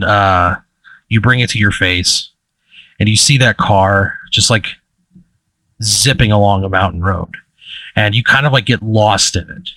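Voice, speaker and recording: Low-voiced man running a tabletop game. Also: sharp tone, no echo. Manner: casual, halting, lots of fillers. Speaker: game master.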